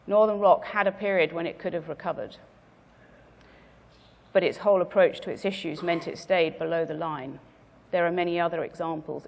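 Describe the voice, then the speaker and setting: Gravelly low-voiced woman giving a talk. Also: in a large hall. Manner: measured, stresses key words. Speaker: conference speaker. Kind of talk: business presentation to an audience. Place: conference venue.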